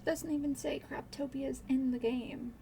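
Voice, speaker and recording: A woman's voice: high-pitched, fairly even intonation, normal speed, mellow, slight background noise. A woman streamer chatting casually while modding a game, rambling, swearing freely and laughing nervously.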